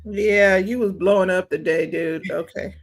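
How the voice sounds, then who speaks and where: Woman, co-host, casual livestream chat, mid pitch, relaxed asides. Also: unhurried.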